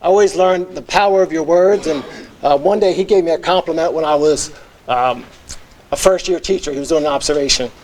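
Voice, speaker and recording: Being inducted into a hall of fame, this middle-aged former teacher and football coach speaks earnestly, reminiscing with plenty of fillers. His voice sits a little high and moves a bit fast, with a slightly mellow quality.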